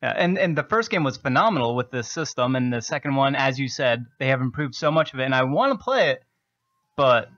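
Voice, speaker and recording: A man's voice: medium pitch, sing-song, a little fast, a bit bright, no echo. A man co-hosting a radio show, chatting earnestly and casually about a video game. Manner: earnest, complains about loot boxes. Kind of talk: casual game review chat. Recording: dry, dull lo-fi radio broadcast.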